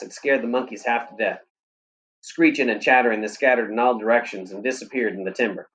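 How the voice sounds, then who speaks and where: A male teacher reading a chapter of a novel aloud at a steady, plain pace. His voice sits at a middle pitch. The recording sounds dull and lo-fi. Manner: steady, plain storytelling delivery.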